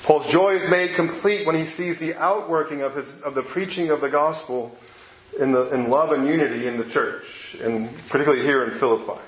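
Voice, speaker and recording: Pastor preaching in an echoey church. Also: male voice, a little high, steady tone, a little hiss or hum. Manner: conversational, halting with fillers and restarts. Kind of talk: sermon. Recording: echoey, dull lo-fi room sound.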